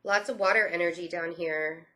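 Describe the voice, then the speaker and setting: A woman's voice: fairly low pitch, moderate pace, bright, forceful tone. Reassuring woman reading tarot cards. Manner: reassuring, repeats phrases, many "I feel like" fillers. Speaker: tarot reader.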